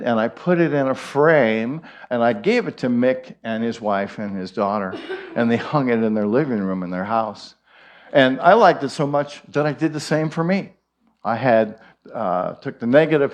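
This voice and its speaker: A man with an Irish accent giving a conversational storytelling sermon, folksy with frequent asides. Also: medium pitch. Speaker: minister giving a talk.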